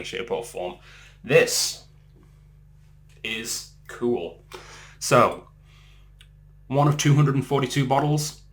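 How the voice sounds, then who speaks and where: A man with an English accent, hosting a casual whisky tasting vlog in an excitable, enthusiastic way. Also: medium pitch. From England. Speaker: whisky reviewer.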